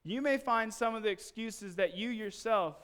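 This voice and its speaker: A male pastor giving a sermon in church, telling a personal story in an animated way and acting out the scenes. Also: high-pitched, moderate pace, smooth.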